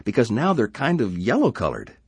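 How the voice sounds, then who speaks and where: A man's voice: medium pitch, wildly swooping pitch, brisk, a little mellow, slightly rough, no echo, pitched above the performer's own voice, full character voice. A man voicing a frightened settler who talks urgently and pleads with others. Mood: pleading. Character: anxious male settler, frantic and fearful.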